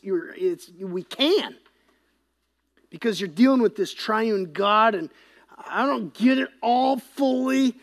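A pastor preaching an impassioned sermon, swinging between loud emphasis and hushed, whispered passages. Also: medium pitch.

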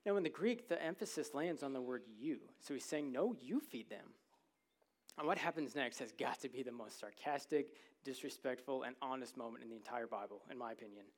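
A man's voice: medium pitch, a little fast, few pauses. A man preaching a sermon to a congregation in a church, in a conversational, humorous way, often checking in with "right?".

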